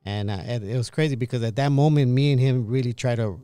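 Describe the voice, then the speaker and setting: A man casually recounting a childhood experience, halting and restarting as he goes. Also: mid-range voice, dark tone, clean tone, dry recording. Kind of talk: casual storytelling.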